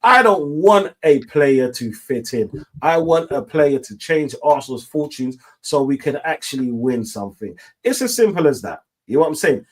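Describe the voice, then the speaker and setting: A man's voice: on the high side, sing-song, moderate pace, hardly any pauses. A man hosting a football fan call-in show, ranting heatedly with heavy swearing and slang.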